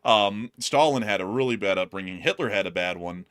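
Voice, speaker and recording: On a live news-commentary stream, a male host rambles while thanking viewers, full of fillers and repeated words. His voice is lowish, animated, and fairly quick, with a slightly bright, clean tone.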